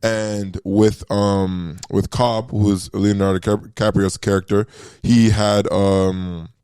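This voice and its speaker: A man co-hosting a podcast, explaining a film hesitantly with many pauses and self-corrections. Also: lowish voice, flat delivery, a little mellow, smooth, no echo. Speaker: podcast co-host. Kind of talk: casual movie discussion.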